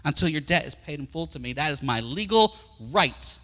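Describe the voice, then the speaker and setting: A harsh, indignant lender, played by a male preacher presses his legal rights loudly. The voice is high, bright and forceful. A long hall reverb trails after each phrase. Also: expressive, moderate pace. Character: harsh unforgiving man demanding repayment.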